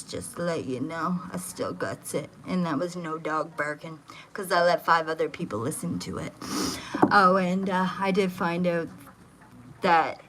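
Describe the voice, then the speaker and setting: A woman's voice: fairly low pitch, noisy background. Profane, agitated woman ranting on a livestream. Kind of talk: casual livestream chat. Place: home kitchen. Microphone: phone.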